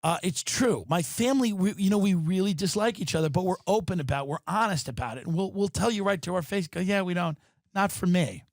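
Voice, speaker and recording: A man's voice: high-pitched, fast talker, gravelly, few pauses, no room sound, clean studio sound. Profane ranting male comedian. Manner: profane, exasperated, animated. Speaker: podcast host. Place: his apartment.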